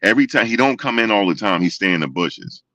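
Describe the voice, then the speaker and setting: Host type: low-voiced man, chatty and repetitive, dry close sound. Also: quick pace, no room sound, distant mic. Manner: animated, repetitive storytelling with quoted voices. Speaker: show host. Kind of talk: casual commentary to viewers.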